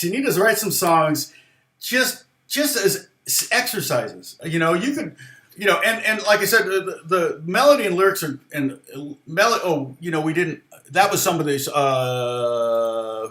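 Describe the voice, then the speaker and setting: A man talks through a songwriting lesson in a slightly high voice, rambling and restarting his sentences. He sometimes softly sings a lyric line to show his point. The sound is roomy and echoey. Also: animated. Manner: rambling, halting, many restarts and fillers. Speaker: guitar teacher. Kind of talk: casual livestream lesson.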